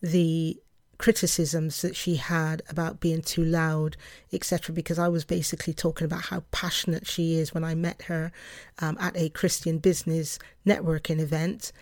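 A woman hosting a solo podcast, talking passionately and emphatically in a fast, lively way. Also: deep voice, no room sound, clean studio sound. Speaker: podcast host.

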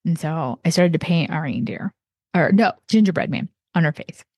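A woman artist from southeastern Ohio talking casually and warmly about what inspires her, rambling with many fillers and restarts. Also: low voice, lively intonation, moderate pace, breathy edge, no room sound, dull audio. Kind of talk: casual personal monologue.

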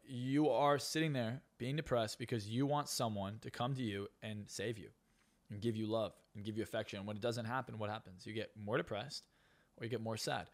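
A man who is a hypnotist and coach, guest on a podcast interview, talking bluntly and profanely with lots of emphasis. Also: mid-range voice.

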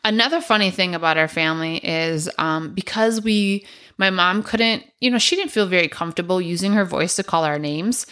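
A woman's voice: lowish voice, fairly bright tone. A young woman from the United States hosting her own show, telling childhood stories in a casual, rambling way full of ums and you-knows. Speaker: podcast host. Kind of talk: casual storytelling monologue.

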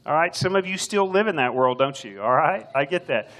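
A man's voice: a little high, lively intonation, fairly quick, fairly bright tone. Folksy older man preaching. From Texas. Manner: folksy, joking storyteller. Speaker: substitute preacher. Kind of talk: sermon.

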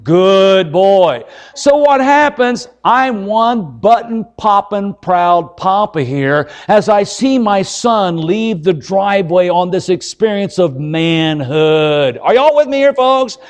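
Middle-aged male evangelist, high voice, folksy jokey sermon that keeps calling on "folks". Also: lively intonation, takes it slowly, few pauses.

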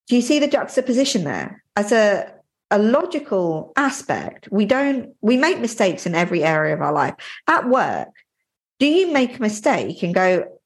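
A woman's voice: mid-range voice, sing-song, normal speed, slightly rough. A woman hosting a podcast and coaching listeners directly, in an earnest and plain-spoken way. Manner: plain-spoken, slightly informal. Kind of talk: motivational podcast talk.

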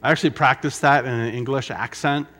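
A middle-aged man preaching a sermon, emphatic, with dramatic pauses and repetition. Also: medium pitch, fairly even intonation, fairly bright tone. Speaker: pastor.

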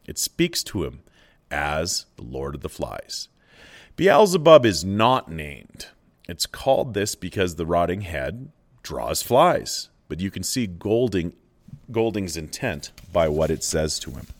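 Very deep-voiced man analyzing a novel. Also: sing-song, slow pace. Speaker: literature lecturer. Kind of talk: book analysis with read-aloud passages.

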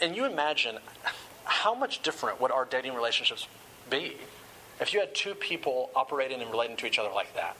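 A man preaches to a live audience in a room, his voice bright and forceful, at an ordinary middle pitch. He talks earnestly but conversationally and drops in casual asides. A faint noise sits behind him. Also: poor audio. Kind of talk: sermon.

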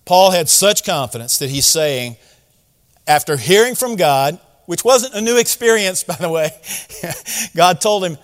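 A man's voice: sits high, lively intonation, measured pace, long reverb tail. A man preaching a sermon, teaching through a Bible passage in a conversational way and asking his listeners rhetorical questions. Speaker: pastor.

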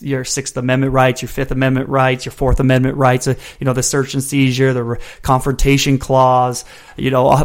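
Animated attorney co-host on a sports podcast. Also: male voice, medium pitch. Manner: animated, explains with legal and history analogies. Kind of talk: casual sports podcast chat.

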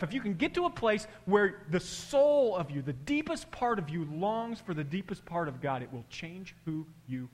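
A middle-aged man preaching a sermon, telling stories animatedly and swinging from loud bursts to hushed, quiet passages. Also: sits high, very animated, normal speed, hardly any pauses. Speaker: pastor. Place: large church hall. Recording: long hall reverb.

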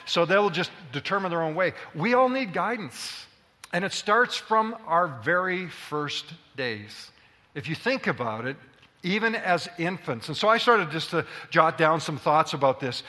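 Animated male pastor in a reverberant hall. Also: fairly high pitch, a little slow. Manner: animated, addresses the congregation with questions. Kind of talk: sermon. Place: church hall.

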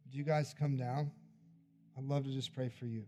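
A man's voice: medium pitch, fairly even intonation, normal speed, dark tone, dull audio, a little hiss or hum. A male pastor leading an altar call and praying aloud at a church service, earnest and pleading, rising to fervent prayer.

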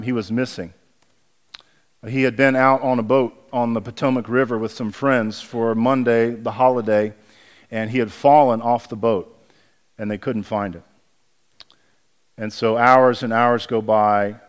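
A pastor in his forties preaching a sermon, speaking hushed and halting through a painful memory, then rising and emphatic as he preaches. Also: medium pitch, smooth. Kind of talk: sermon with personal storytelling.

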